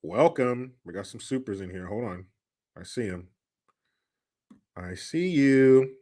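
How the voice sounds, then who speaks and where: A man's voice: medium pitch, animated, unhurried, mellow. A man hosting a livestream, telling family stories in a joking, crude way and laughing often. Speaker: host. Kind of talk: casual livestream talk.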